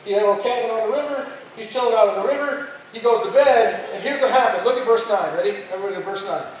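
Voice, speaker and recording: High-voiced casual camp preacher. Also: male voice, fast, slight background noise. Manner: slangy, chatty, acts out characters. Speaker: youth camp speaker. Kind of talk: casual storytelling sermon. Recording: echoey hall, far from mic.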